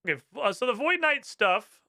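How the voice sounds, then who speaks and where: High, bright-voiced man ranting while gaming. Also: very animated, moderate pace, creaky. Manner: heated, swearing rants. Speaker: game streamer. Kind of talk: casual live-stream commentary.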